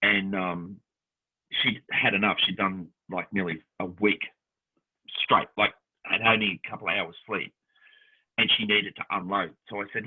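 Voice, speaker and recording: A man co-hosting a casual chat, telling animated stories and acting out the voices of people he quotes. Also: fairly low pitch, moderate pace, breathy edge. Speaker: podcast co-host. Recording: tinny phone-line sound.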